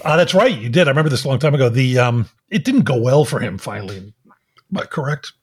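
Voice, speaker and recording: Husky man ranting on a podcast. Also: mid-range voice, lively intonation, fairly quick. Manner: profane, exasperated ranting. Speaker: podcast co-host. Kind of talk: casual chat.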